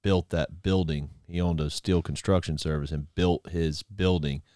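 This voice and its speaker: Smooth-voiced man chatting casually. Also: sits low, normal speed, dry recording, clean studio sound. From near Pensacola, Florida. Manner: animated storyteller, laughs often. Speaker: podcast co-host. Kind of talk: casual chat.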